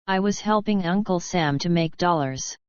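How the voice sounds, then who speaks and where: A woman reading the lines of a cool-headed young male outlaw who answers with quick, dignified defiance, in a dull lo-fi recording. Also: lowish voice, clear, resonant tone, no echo, lightly acted.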